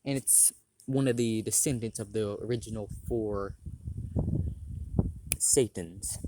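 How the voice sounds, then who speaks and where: A man making up a fan story aloud, rambling and stopping to correct himself. His voice is low and his pace slow, with frequent throat clearing. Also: background noise. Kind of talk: improvised fan fiction storytelling.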